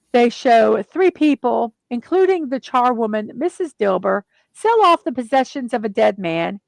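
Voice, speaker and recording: A woman's voice: on the high side, creaky, a little mellow, no room sound. Chatty middle-aged woman retelling a film. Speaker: host. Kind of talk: casual chat.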